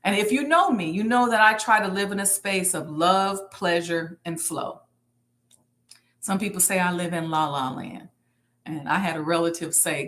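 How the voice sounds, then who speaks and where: A woman's voice: fairly low pitch, moderate pace, fairly bright tone. A woman teaching manifestation to a live online audience, repeating her key lines like a preacher.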